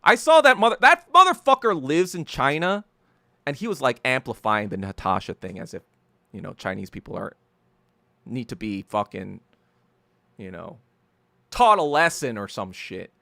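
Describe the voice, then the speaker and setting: A man's voice: medium pitch, very animated, normal speed, vocal fry, long pauses, bright, forceful tone, dry recording. A man hosting a solo podcast, ranting heatedly and profanely, often stumbling and repeating words as he gets worked up. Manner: repeats and restarts words when agitated. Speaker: podcast host.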